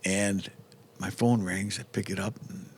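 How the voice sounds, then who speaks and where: A man's voice: sits low, steady tone, measured pace, slight background noise. A man from New York, a podcast guest, telling a story in casual chat, acting out the dialogue and swearing freely.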